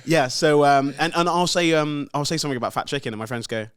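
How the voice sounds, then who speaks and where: A man's voice: fairly high pitch, fast, fairly bright tone. A man co-hosting a casual podcast chat, joking and rambling with lots of fillers. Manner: chatty and jokey, many fillers. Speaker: podcast co-host. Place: podcast studio.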